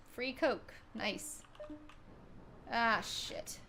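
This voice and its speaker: A woman's voice: a little high, expressive, extremely slow, gravelly, sharp tone, a little hiss or hum. A woman livestreamer casually telling a story to her chat, swearing freely and laughing often.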